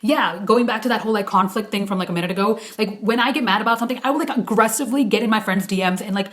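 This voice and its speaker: Young female YouTuber, casual chat, hushed questions, animated rambling rants. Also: mid-range voice, very fast. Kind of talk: casual vlog chat, taking a quiz.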